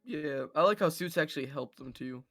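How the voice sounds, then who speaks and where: A man's voice: on the high side, lively intonation, a little fast, fairly bright tone, faint music behind. A man in a casual stream chat, arguing and teasing the others in disbelief. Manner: incredulous, argumentative teasing. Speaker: stream co-host.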